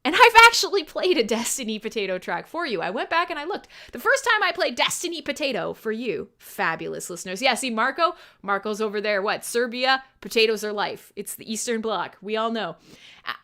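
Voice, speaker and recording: A woman's voice: a little high, big pitch swings, a little fast, bright, forceful tone. A woman hosting a metal radio show, chatting casually on a live stream, giggly, profane and rambling.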